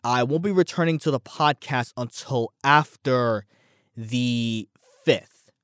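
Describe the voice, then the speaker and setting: A man's voice: mid-range voice, takes it slowly, a bit bright, clean tone, no echo. A young man talks through a casual solo podcast in a rambling, self-deprecating way, tripping over repeated words. He sounds a little out of breath. The recording is dry and close, with a mid-range voice. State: a bit out of breath from overeating. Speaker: podcast host.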